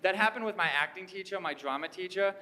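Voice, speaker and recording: A man doing stand-up comedy on a theater stage, animated and laughing at his own jokes. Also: high voice, fast. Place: historic theater stage with live audience. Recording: theater hall reverb.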